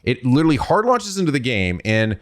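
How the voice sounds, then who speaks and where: A young man hosting a let's play, chatting casually and profanely, laughing often and jumping between low mutters and loud yelps. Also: very animated, a little fast, slight background noise. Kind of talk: casual gameplay commentary.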